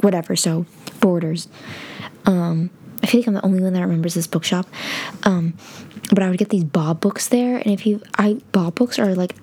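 A woman's voice: mid-range voice, mellow, husky. An eighteen-year-old woman, a native Spanish speaker, rambling chattily as she tells stories from her childhood to her viewers. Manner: rambling, chatty, frequent "like" and "oh my God". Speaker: vlogger. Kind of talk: casual storytelling to camera.

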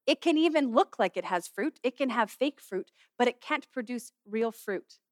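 A middle-aged woman pastor giving an animated, humorous sermon in a conversational way. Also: fairly high pitch, normal speed, no echo, studio quality. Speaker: pastor and student chapel speaker. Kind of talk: sermon with object lesson.

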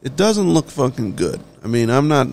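A man's voice: mid-range voice, very animated, moderate pace, vocal fry, darkish tone, a little hiss or hum. A man giving a casual, blunt ranting monologue, swearing freely and talking offhand as a solo show host. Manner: blunt, heavily profane, offhand.

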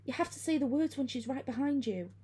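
A woman's voice: fairly low pitch, warm tone, slightly rough. A woman voicing a young woman friend who turns from wry to urgent in a spoken horror story. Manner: wry then hurried.

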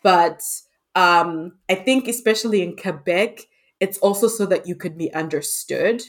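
A woman's voice: fairly low pitch, measured pace. Chatty woman hosting a podcast. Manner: chatty, expressive, uses many fillers. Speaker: podcast host. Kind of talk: casual conversation.

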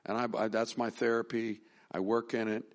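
Folksy middle-aged pastor preaching. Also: male voice, on the low side, flat delivery, moderate pace. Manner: conversational, folksy, with restarts and rising emphasis. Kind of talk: sermon.

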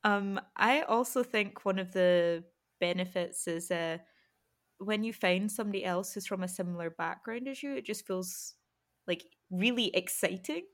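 A woman hosting a casual podcast interview, friendly and quick, laughing often. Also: medium pitch. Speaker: podcast host.

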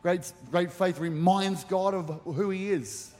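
Man, pastor, sermon, high-pitched, animated, acts out quotes, reverberant church hall. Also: slow pace. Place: church auditorium.

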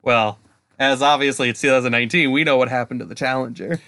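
Bright-voiced chatty man podcasting. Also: mid-range voice, steady tone, fast, no echo. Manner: chatty, rambling, laughs often. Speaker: podcast co-host. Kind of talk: casual chat.

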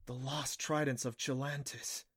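A man's voice: high voice, very animated, a little slow, a bit bright, no echo, studio quality, pitched above the performer's own voice, heavily acted. A man reading an awestruck, clumsy boy. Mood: awed. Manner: breathy, wondering.

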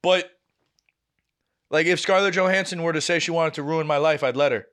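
A young man co-hosts a casual podcast in a bright, forceful voice that sits a touch high. He tells his stories in an animated way and acts out the lines of the people in them. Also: brisk. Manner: animated storytelling, acts out quoted family members. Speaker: podcast co-host. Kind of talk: casual chat.

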